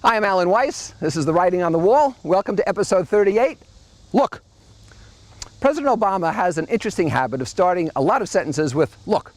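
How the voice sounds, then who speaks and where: Sardonic man with a lively, bouncing voice. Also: high-pitched, fast, hardly any pauses, dry recording. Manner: sardonic, mocking delivery. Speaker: host. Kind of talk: monthly opinion commentary monologue.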